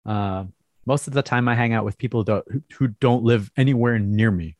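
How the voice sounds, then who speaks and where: A man's voice: medium pitch, normal speed, darkish tone, no echo. Man, casual chat, hesitant, restarts a lot, dry sound, video call audio. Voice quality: hesitant, many restarts and laughs. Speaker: podcast co-host.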